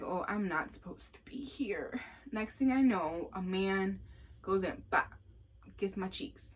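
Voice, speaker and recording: Young woman, low-ish voice, casual animated storytelling with acted-out quotes. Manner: animated, acts out quotes, many fillers.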